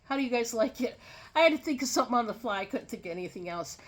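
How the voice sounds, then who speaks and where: Her voice is on the high side and expressive as this storyteller vlogger chats casually with viewers. The story comes out drawn-out and full of fillers.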